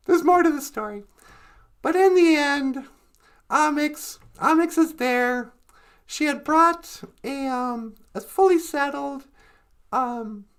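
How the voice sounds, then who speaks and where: A woman hosting and telling a children's story casually, playful and laughing, correcting herself as she goes. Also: sits high. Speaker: storyteller host.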